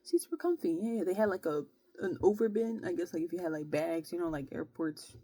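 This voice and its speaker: A woman's voice: on the low side, fairly quick, breathy edge, no echo. A young woman, telling a story casually in her vlog, full of slang and filler words. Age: young adult. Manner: slangy, animated retelling with frequent "bro" and "like". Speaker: vlogger.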